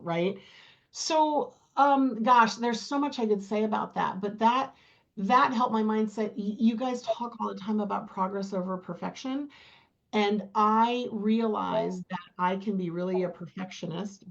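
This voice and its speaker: A middle-aged woman talking casually as a guest in an interview, animated and chatty, often acting out her own thoughts. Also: medium pitch, dull audio. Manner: animated storyteller, quotes her own thoughts, laughs easily. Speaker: program client, guest.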